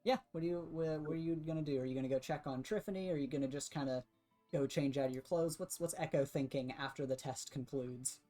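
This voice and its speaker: A woman game master narrating a superhero tabletop game in a relaxed, plain way. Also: low-pitched, fast talker, soft background music.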